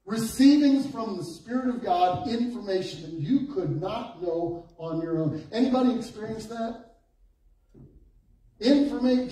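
Man, pastor, sermon, high voice, mellow tone, slow emphatic preaching, hushed storytelling, echoey church hall, distant mic. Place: church sanctuary.

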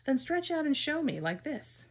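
A woman's voice: high-pitched, big pitch swings, moderate pace, voice pushed up. A woman voicing a bold, teasing male wild rabbit in a storybook read-aloud, speaking in a taunting, boisterous way.

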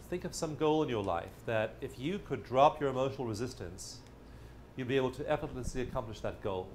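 A man's voice: mid-range voice, slight background noise. A man giving a casual, jokey teaching talk who acts out inner voices as he goes. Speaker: therapy method teacher. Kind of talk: casual explanatory video talk.

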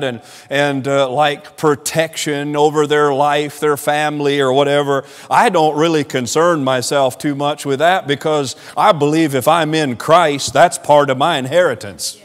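Southern male pastor, fairly high voice, lively sermon, long church reverb. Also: clear, resonant tone. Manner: animated preaching, rising and falling in volume, laughing asides. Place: church sanctuary.

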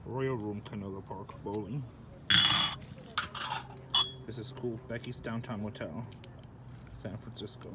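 A man's voice: fairly low pitch, steady tone, a little slow, pauses often. Man, casual commentary, clipped label reading, mumbled asides, handheld phone, heavy clinking noise. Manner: reads out labels in short bursts, mumbling asides. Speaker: vlogger showing a collection. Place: indoors at a shop. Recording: loud clinking and handling noise.

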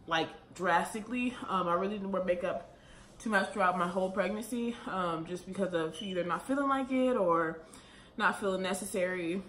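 A young pregnant woman talking to camera in a casual vlog, a little out of breath and rambling quickly with lots of fillers. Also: medium pitch, a bit bright. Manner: chatty, rambling, fast with many fillers. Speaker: vlogger. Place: room at home, late at night. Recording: echoey room with faint ambient noise.

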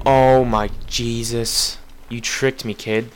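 A young man commentating on a game he plays, excitable, yelping and apologizing to the characters. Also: medium pitch, measured pace, a little hiss or hum. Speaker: gameplay commentator. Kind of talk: casual gaming commentary.

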